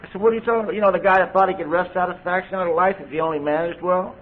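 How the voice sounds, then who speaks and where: A man's voice: high voice, steady tone, rapid-fire. Middle-aged guy sharing his recovery story, tinny lo-fi tape, faint hiss. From California. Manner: candid, conversational, frequent "you know". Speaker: AA speaker. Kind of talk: recovery testimony. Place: convention hall podium.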